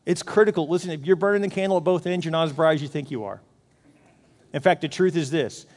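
Middle-aged male pastor, lively sermon delivery, higher-pitched, in a reverberant church hall. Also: fast talker. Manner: animated, acts out his own inner voice.

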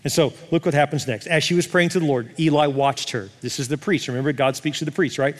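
A middle-aged male pastor preaching with a fairly high voice, chatty and animated, firing questions at the congregation. His words ring out with a long reverb from a large church hall. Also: fast, hardly any pauses. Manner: conversational, animated, asks the crowd questions. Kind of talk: sermon.

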